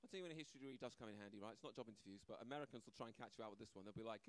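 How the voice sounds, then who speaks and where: A man's voice: on the low side, racing, hardly any pauses, dry recording. A man performing a stand-up comedy set, brash and conversational, acting out voices and often asking "right?". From Britain. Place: comedy club stage, live audience.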